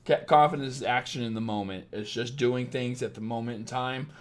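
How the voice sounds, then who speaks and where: A man in his thirties giving blunt, profane dating advice on a live stream, swinging from low asides into loud rants. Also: steady tone, brisk. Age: 30s. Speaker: dating coach.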